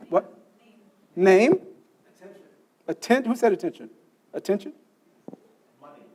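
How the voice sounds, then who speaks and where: This conference speaker's voice is high, darkish and slightly rough, swinging widely in pitch as he talks a little slowly with long pauses. Giving a technical lecture in a session room, he explains step by step, tests the audience with questions, and often asks "okay?".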